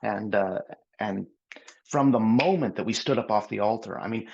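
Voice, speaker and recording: Male pastor guest, low gravelly husky voice, animated testimony, lo-fi audio. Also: normal speed, a little hiss or hum. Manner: animated, acts out dialogue. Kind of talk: personal testimony storytelling.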